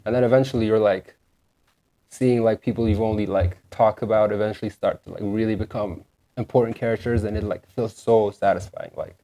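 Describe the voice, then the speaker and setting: A man's voice: on the low side, fairly quick. A young man co-hosting a podcast, chatting casually and animatedly, filling his talk with "like". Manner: animated, rambling, heavy use of "like". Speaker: podcast co-host. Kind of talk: casual chat.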